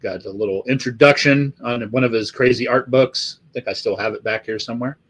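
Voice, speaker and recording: A man's voice: medium pitch, brisk, a bit bright, slightly rough. Rambling, profane middle-aged man. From Los Angeles area. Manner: rambling, profane, many fillers. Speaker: live stream host. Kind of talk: casual chat to live chat.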